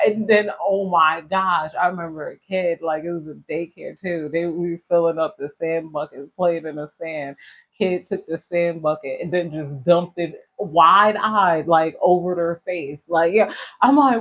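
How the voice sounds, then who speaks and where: A woman's voice: fairly low pitch, measured pace. A woman giving a casual tarot reading, rambling and slangy and laughing often as she talks. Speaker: tarot reader.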